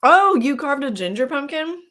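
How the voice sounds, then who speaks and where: Her high voice is sing-song and a bit bright, moving at a moderate pace, as she hosts a relaxed live stream on horror films. The woman chats and rambles, eats snacks, and reacts to her chat with fillers and laughter.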